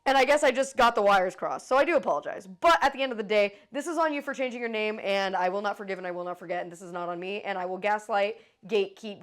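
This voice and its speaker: A woman streamer in casual live chat with her viewers, swearing freely and swinging between joking and apologizing. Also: mid-range voice.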